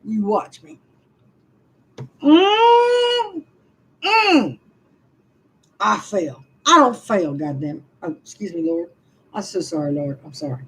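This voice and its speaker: A woman's voice: on the low side, lively intonation, normal speed, pushed and bright, slightly rough, rough recording. A woman in her sixties, venting on a live stream. She sighs often and talks to her chat about her frustration. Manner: frustrated, sighing, speaks to chat.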